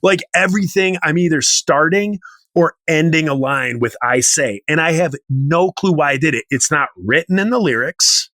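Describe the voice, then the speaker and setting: A man's voice: fairly high pitch, expressive, normal speed, bright, forceful tone, dry recording. A man in his forties telling a rambling story in casual chat as podcast co-host, now and then humming bits of a tune. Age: 40s. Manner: rambling storyteller, hums snippets of tunes.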